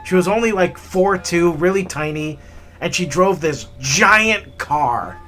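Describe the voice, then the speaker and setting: A man hosting a hiking vlog and telling stories in an animated, chatty way with many fillers. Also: high-pitched, slow. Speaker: hiking vlogger. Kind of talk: storytelling narration.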